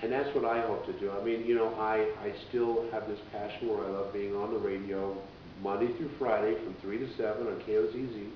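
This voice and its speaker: A man who works as a radio DJ and musician tells stories as an interview guest, speaking fairly quickly with few pauses and fairly even intonation. He rambles casually and acts out voices in quotes, on a recording that sounds echoey, dull, and distant with a low rumble.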